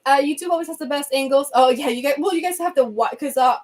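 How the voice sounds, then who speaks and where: A young Venezuelan woman, a Spanish speaker with a Venezuelan accent, chatting bubbly and fast on a phone livestream from a reading corner at home. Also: sits high, a little mellow. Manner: bubbly, chatty, quick asides and laughs. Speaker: livestream host. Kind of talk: casual livestream chat reading comments.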